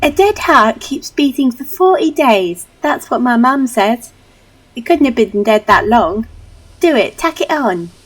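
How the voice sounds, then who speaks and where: A woman's voice: a little high, lively intonation, unhurried, voice pushed up. A woman voicing a cheeky young child who is stubborn and accusing in a childish, insistent way.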